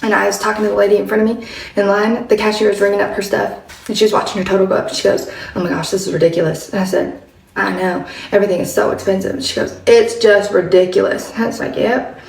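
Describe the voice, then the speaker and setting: A woman's voice: mid-range voice, little pitch movement, fast talker, gravelly. Chatty woman telling a story, roomy sound. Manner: chatty, quotes others in hushed voice, laughs often. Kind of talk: casual storytelling. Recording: roomy, from far off.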